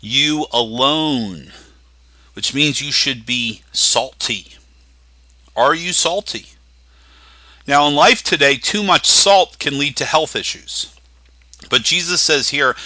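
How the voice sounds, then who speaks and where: Male pastor, sermon delivery, very bright tone, emphatic teaching style. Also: on the high side, dry recording. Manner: teaching, emphatic with slow stressed phrases.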